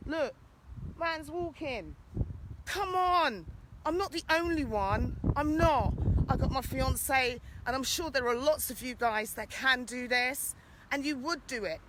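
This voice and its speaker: A British woman vlogging outdoors gives an urgent, impassioned rant, calling out to people walking by. Her voice is high-pitched and fairly bright, with slight background noise.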